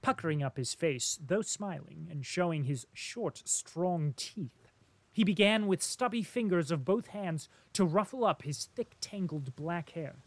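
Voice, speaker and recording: A man reads a classic novel aloud in a slow, measured way. His voice sits somewhat high for a man and stays steady through the narration. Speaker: audiobook narrator. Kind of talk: scripted narration.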